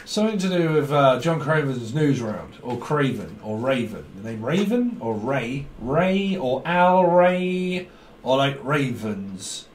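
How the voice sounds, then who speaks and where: A man's voice: mid-range voice, very animated, slow pace, reverberant, a little hiss or hum. A man doing a tarot reading, rambling and jokey, often giggling. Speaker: tarot reader.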